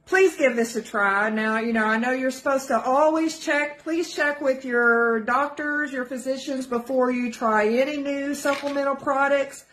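A woman's voice: high-pitched, moderate pace, few pauses, fairly bright tone. A woman giving an earnest, pleading personal testimonial, emotional and close to tears at times, repeating herself for emphasis. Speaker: product affiliate giving a testimonial.

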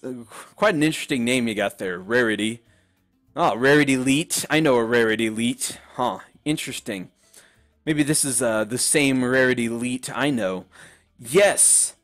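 A man's voice: medium pitch, a bit bright. A young man commenting on a game he is playing, joking and offhand. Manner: wisecracking, offhand. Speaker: let's play gamer.

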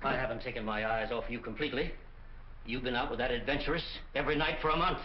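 A man's voice: mid-range voice, fast, a little hiss or hum, lightly acted. A man playing a stern, worried father. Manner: stern, anxious, forceful when angry. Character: worried older male store owner and father. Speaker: businessman. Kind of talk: 1940s film acting. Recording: dull old film soundtrack.

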